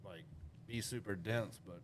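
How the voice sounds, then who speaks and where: A man's voice: on the low side, measured pace, a little hiss or hum. A man on a podcast in casual chat, giving his opinions.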